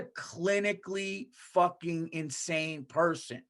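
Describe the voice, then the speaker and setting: A man's voice: a little high, normal speed. Profane, ranting male podcast host. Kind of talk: casual comedic monologue.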